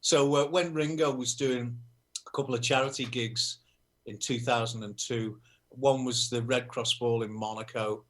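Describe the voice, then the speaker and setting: A man from Liverpool with a Liverpool accent, a musician guest telling anecdotes in a relaxed, self-deprecating way. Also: mid-range voice, normal speed. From Liverpool, England. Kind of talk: casual interview chat.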